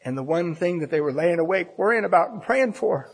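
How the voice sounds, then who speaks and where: A man's voice: sits high, a little fast, slightly rough, in a large hall. A man giving a talk at a recovery meeting, telling his story to a large audience and acting out the voices of the people in it. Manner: animated storyteller, acts out voices.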